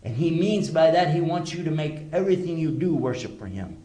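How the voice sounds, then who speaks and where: A man's voice: a little high, expressive, brisk, dark tone. A man giving a religious lecture to a live audience, emphatic and full of rhetorical questions. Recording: echoey lecture hall.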